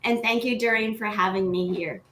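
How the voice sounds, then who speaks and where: Hoarse woman in an echoey room. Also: medium pitch, fairly even intonation, moderate pace, fairly bright tone, a little hiss or hum. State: hoarse, coming down with a cold. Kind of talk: brief self-introduction.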